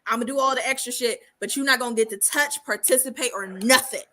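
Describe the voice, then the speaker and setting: A woman's voice: on the high side, fast, pushed and bright. A woman co-hosting a casual podcast, talking boldly and emphatically with a joking edge. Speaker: podcast co-host. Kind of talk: casual chat.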